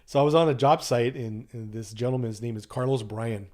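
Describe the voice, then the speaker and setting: A man in his sixties telling a personal story as a podcast guest in a loose, chatty way, acting out the voices of people in it. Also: a little fast. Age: 60s. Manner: animated, acts out quoted dialogue with pitch jumps; loose and conversational, many fillers and asides. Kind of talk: casual storytelling.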